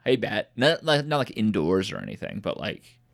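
A man co-hosting a casual podcast chat, recapping a movie with teasing jokes and deadpan asides. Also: fairly low pitch, normal speed, vocal fry. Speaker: podcast co-host.

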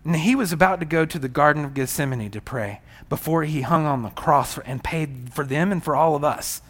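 High-voiced male pastor preaching emphatically. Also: brisk, fairly bright tone. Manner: emphatic preaching that repeats key phrases. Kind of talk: sermon.

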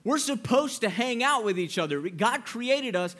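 A man's voice: very high voice, expressive, moderate pace, fairly bright tone. A young man giving a youth sermon in a playful, joking way, acting out voices to make his point. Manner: playful, jokey, acts out voices. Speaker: youth pastor.

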